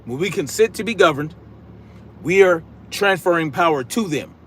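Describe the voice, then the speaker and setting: A combative man runs a political live stream, reading his chat aloud in blunt, casual slang and repeating catchphrases. His projected voice sits a little higher than most men's, expressive at normal speed, with slight background noise.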